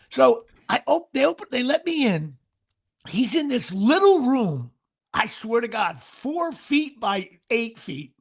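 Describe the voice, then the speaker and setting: A man co-hosting a sports talk show, telling animated stories and doing announcer impressions. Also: very high-pitched, takes it slowly, vocal fry, husky. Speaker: podcast co-host. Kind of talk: casual sports chat.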